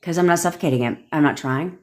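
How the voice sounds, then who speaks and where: Give me a woman coach telling a story in a casual live stream, low-pitched, profane and emphatic. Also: fast. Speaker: manifestation coach.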